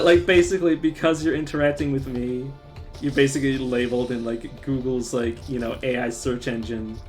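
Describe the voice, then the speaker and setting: A man streaming live, chatting casually, often breaking into laughter and restarting his sentences. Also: mid-range voice.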